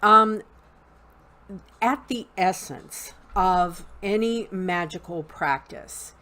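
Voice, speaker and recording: A woman with a Southern US accent gives a spoken lesson at a very slow pace. Her voice sits fairly low, and she pauses often with ums as she explains. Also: sharp tone. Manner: unhurried and halting, with frequent ums. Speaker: teacher of an online Wicca class.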